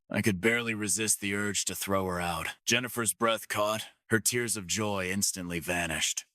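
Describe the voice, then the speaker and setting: Low-voiced male audiobook narrator. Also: sharp tone, no echo, clean studio sound. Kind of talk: first-person audiobook narration.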